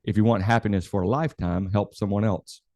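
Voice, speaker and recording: A man with a very low, warm voice co-hosts a podcast. He speaks in a relaxed, reflective way and works in scripture and sayings. The sound is dry and close to the mic. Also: brisk, no echo. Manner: thoughtful, easygoing, quotes scripture. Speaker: podcast co-host. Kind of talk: casual podcast chat.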